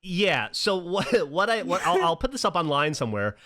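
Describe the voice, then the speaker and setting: A man's voice: sits high, normal speed. A man in his forties, a podcast host, telling a long story in casual, profane chat and acting out the voices of the people in it. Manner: animated, profane storyteller who acts out his daughter's lines.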